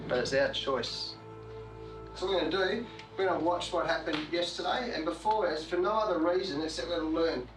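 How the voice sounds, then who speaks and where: A man's voice: on the high side, echoey room. A man, a cricket coach talking frankly in a documentary interview and team talk. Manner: blunt, frank storytelling. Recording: distant mic.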